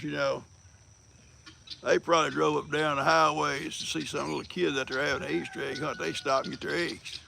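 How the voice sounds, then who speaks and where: A man's voice: a little high, gravelly, bright, forceful tone, a little hiss or hum. An older man, hosting a casual livestream, folksy and teasing, laughing often as he greets viewers. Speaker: livestream host.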